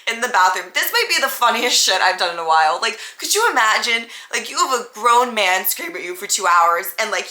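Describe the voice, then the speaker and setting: Bright-voiced woman telling a story. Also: mid-range voice, a little fast. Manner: animated, frequent "like" and "um" fillers. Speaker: podcast host. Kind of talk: casual storytelling. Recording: echoey room.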